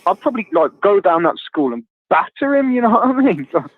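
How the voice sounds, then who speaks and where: A man's voice: high-pitched, very animated, brisk, no room sound. Man ranting over a tinny line. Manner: ranting, opinionated. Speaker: chat guest. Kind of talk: casual chat. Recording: tinny dry phone-like line.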